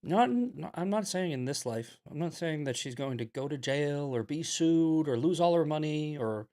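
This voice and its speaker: A man's voice: a little high, expressive, moderate pace, darkish tone. An American man hosting a political commentary show, talking in a heated, preachy way, swearing and repeating himself for emphasis.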